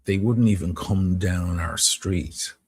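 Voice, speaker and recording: A middle-aged Dublin man with a Dublin Irish accent tells rambling, profane stories and answers viewers on a live stream. His voice is deep, slow, and slightly rough, in a dry recording, as he storytells casually.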